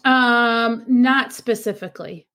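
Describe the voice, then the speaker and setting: A woman's voice: fairly high pitch, takes it slowly. A woman co-hosting a podcast, chatting casually, laughing often and reading out listener comments. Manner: warm, encouraging, giggly. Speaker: podcast co-host.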